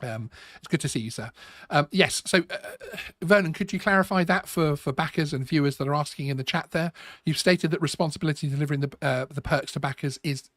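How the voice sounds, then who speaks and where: A man's voice: on the high side, a bit bright, no echo, clean studio sound. A man hosting a live stream, talking casually with many restarts and a sarcastic edge. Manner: halting, repeats words, sarcastic. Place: home studio.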